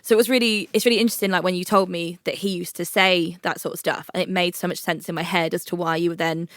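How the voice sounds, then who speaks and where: A woman's voice: lowish voice, fairly even intonation, fast, fairly bright tone, no room sound, studio quality. A woman co-hosting a podcast, supportive and chiming in to back up her friend. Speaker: podcast co-host. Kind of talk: supportive conversational chat.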